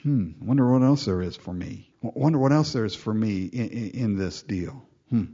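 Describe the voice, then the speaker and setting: A man preaching a sermon in a lively way, acting out quoted prayers and laughing between lines. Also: on the low side, normal speed, muffled recording. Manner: animated, acts out quoted prayers, laughs often.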